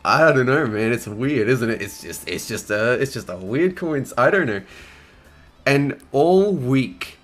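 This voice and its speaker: A man's voice: mid-range voice, lively intonation, a little slow, fairly bright tone, soft background music. A young man, casually answering fan questions and telling crude stories, swearing often and laughing as he goes. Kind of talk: casual Q&A storytelling.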